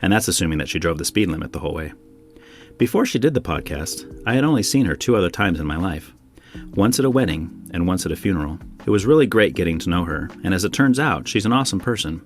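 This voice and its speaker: A man's voice: deep voice, expressive, fast, soft background music. A man hosting a podcast from home, delivering a wry, opinionated monologue full of rhetorical questions. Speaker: podcast host. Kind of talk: scripted monologue then casual chat.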